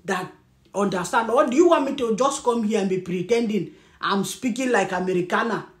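A woman with a Nigerian accent, a Birom speaker, giving a blunt, scolding commentary with lively laughter. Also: mid-range voice. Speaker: commentary vlogger. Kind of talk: ranting commentary. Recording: echoey room.

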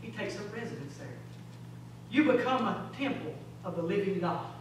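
A man preaching a sermon, emphatic and rhetorical, moving between loud exhortation and low urgent passages with folksy asides. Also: animated, normal speed. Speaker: pastor. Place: large church sanctuary. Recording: very echoey hall, distant mic, faint hum.

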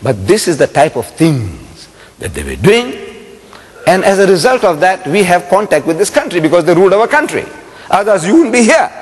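A man's voice: high-pitched, huge pitch swings, fairly quick. A man giving a public lecture, telling a story and firing rhetorical questions at his audience in a lecture hall. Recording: long hall reverb.

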